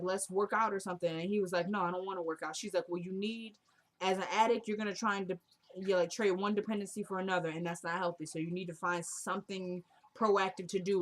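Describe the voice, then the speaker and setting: A woman casually recapping a TV drama episode, retelling scenes by quoting the characters in a soft murmur. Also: mid-range voice. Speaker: TV recap vlogger.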